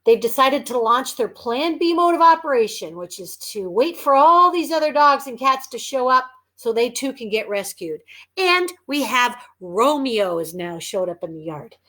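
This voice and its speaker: A woman author reading her own children's book aloud in an animated, emphatic, chatty way. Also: high voice, moderate pace. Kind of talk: children's storytelling.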